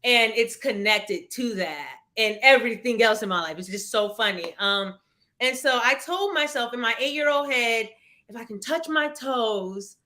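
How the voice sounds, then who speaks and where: A woman in her thirties with a bright, fairly high voice, sharing her life story in a live webinar. She speaks earnestly and reflectively, often breaking off and restarting a sentence. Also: normal speed. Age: 30s. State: tearful at moments. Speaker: webinar guest.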